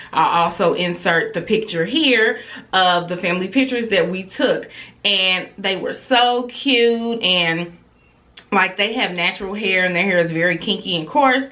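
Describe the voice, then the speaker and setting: A woman in her thirties telling a family story in a casual, chatty vlog style, talking straight to her viewers. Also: mid-range voice. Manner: chatty and animated, addresses viewers as y'all; acts out quoted dialogue, dropping to a whisper for her child.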